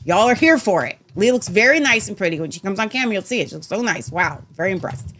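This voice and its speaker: A woman co-hosting a casual chat show, rambling and animated, sometimes dropping to a low mutter. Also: quick pace. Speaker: co-host.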